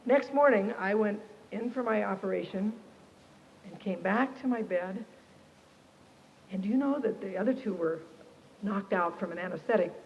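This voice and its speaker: A woman giving a personal testimony to a Christian camp audience, expressive and animated, acting out the people in her story. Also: mid-range voice, moderate pace, long pauses, slight background noise. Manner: animated, expressive, quotes herself and others. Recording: dull lo-fi archive tape, reverberant hall.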